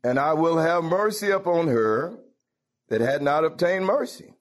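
A man's voice: fairly high pitch, lively intonation, measured pace. A man preaching a folksy call-and-response sermon, laughing and calling out hallelujahs.

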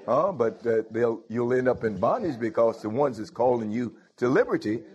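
A man's voice: mid-range voice, animated, moderate pace, a little mellow, dull audio. A man preaching a sermon, breaking in with "Hallelujah" and "Thank you, Lord" and putting questions straight to his congregation. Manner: calls out to the congregation directly.

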